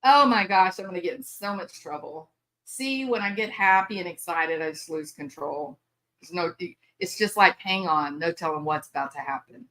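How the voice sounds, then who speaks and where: A woman's voice: on the low side, moderate pace, a bit bright. A chatty, bubbly older woman, hosting a casual live stream and laughing often. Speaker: livestream host.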